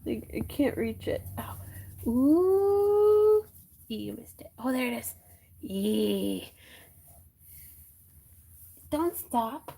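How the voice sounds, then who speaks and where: Giggly high-voiced craft host. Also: female voice, expressive, very slow, creaky, long pauses, mellow. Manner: giggly, chatty, reads viewer comments aloud. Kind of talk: casual livestream chat.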